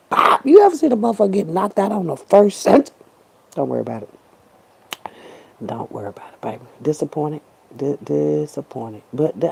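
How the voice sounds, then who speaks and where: A woman's voice: low voice, creaky, mellow, slightly rough, low-quality recording. A woman talking straight to her viewers in a casual, profane monologue, preachy and repetitive, with slangy asides and the odd rhyme. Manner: preachy, ranting, repeats herself. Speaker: vlogger.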